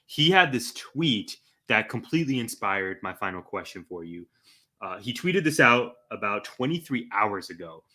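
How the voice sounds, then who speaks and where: A man with a fairly low voice and moderate pace hosts a wrestling podcast, a casual chat with listener plugs. He steadily asks his co-host questions, reads tweets aloud, and plugs the channel.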